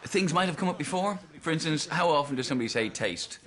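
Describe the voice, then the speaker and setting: A middle-aged man and comedian bantering through a DVD commentary, teasing and interrupting his co-host with quick laughs. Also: a little high. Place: commentary booth.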